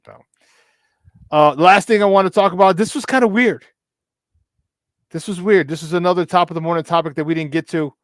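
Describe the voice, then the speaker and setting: A slightly high-voiced man holding forth as a sports talk host. He rambles in a casual monologue, hammering his points by saying them twice. The sound is dry and close. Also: a little fast, pauses often, dry recording. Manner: repetitive, emphatic, preachy asides.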